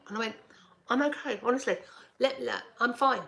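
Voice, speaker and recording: A woman's voice: on the high side, moderate pace, creaky, pauses often. A middle-aged woman telling a personal story in casual chat, acting out what people said to her and laughing often. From United Kingdom. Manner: animated, laughs often, acts out dialogue with repeated words.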